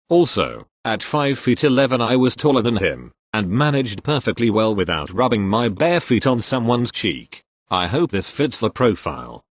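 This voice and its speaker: This is a text-to-speech male voice narrating online posts in a steady, mechanical cadence. It sits a little low in pitch. It reads symbol and emoji names aloud without any change in tone. The sound is dry and close, with no room in it. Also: no echo. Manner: even synthetic reading that speaks symbols and emoji names aloud. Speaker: story narrator.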